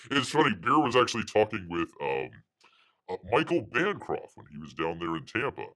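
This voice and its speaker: A man hosting a casual livestream, rambling and halting as he calls himself by a nickname in the third person. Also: on the low side, sing-song, bright, forceful tone. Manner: halting, full of fillers and restarts. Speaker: livestream host.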